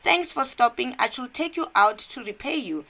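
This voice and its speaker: A woman's voice: high voice, animated, moderate pace, bright, forceful tone, voice pushed up, exaggerated voice. A woman voicing a young man who fakes a knee injury, reading his comic lines aloud with some emphasis. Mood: charming.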